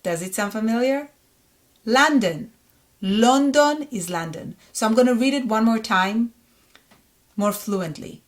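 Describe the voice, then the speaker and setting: A woman with an Israeli accent teaching a reading lesson, sounding out syllables slowly and repeating each word. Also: a little high. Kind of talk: slow, patient reading lesson.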